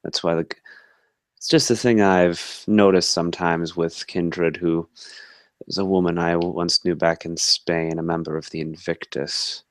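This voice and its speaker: A well-mannered male vampire speaks with formal courtesy and an unhurried pace, played by a man at the gaming table. His voice sits very low, and the sound is close and dry with no room around it. The tone stays measured and composed. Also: fairly even intonation, dry recording. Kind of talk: tabletop role-play in character.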